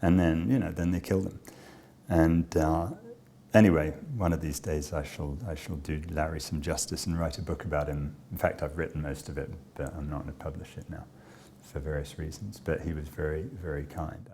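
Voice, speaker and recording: A man who directs a charity, telling a personal story in a measured, understated way with frequent pauses. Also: extremely low pitch, fairly even intonation, dark tone.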